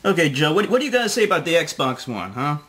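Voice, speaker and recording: A man's voice: on the high side, big pitch swings, fast talker, fairly bright tone. Sarcastic man ranting with profanity. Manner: sarcastic, swearing, mocking. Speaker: video blogger.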